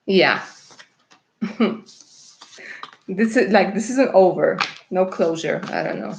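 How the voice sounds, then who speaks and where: A woman from Russia doing live-stream tarot readings, chatty and warm in her words, laughing often and calling viewers darling. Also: medium pitch, slow pace, vocal fry, slight background noise. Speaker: tarot reader.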